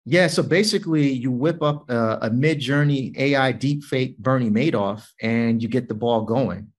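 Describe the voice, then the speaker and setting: A man's voice: mid-range voice, normal speed. A man co-hosting a tech podcast, talking casually and musing aloud with frequent fillers and restarts. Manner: musing, hesitant with many fillers. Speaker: podcast co-host.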